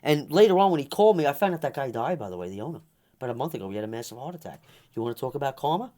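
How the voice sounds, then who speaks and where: Loud, swearing man. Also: medium pitch, big pitch swings, racing. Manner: loud, blunt, swearing constantly. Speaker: interview guest. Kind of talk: profane ranting storytelling.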